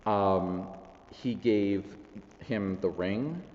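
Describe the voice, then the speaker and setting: A man's voice: fairly low pitch, drawn-out words, a little mellow, slight background noise. A man preaching a sermon in a chatty, self-deprecating way, with lots of fillers. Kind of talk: conversational sermon. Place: large church hall. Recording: echoey church hall, slightly dull.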